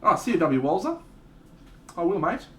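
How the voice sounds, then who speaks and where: A man's voice: sits high, normal speed. A young man chatting casually to viewers on a live stream while he paints, swearing now and then. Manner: relaxed, swears, chats with viewers, bursts into sung lines and silly voices. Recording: voice a bit off-mic with faint background hum.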